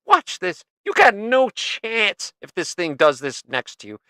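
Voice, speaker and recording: Guy reacting to animal clips on a stream, voice jumps all over, bright and dry. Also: sits high, unhurried, clear, resonant tone, dry recording. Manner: excitable, yelps and laughs at clips, swears. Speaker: livestream host reacting to clips. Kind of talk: casual reaction commentary.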